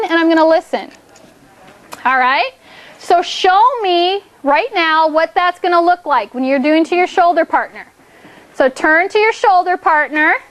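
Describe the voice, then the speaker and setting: A woman teaches a class in an upbeat, encouraging way, with a high, bright-pitched voice. She talks the children through each step and keeps checking in with "okay?". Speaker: elementary school teacher.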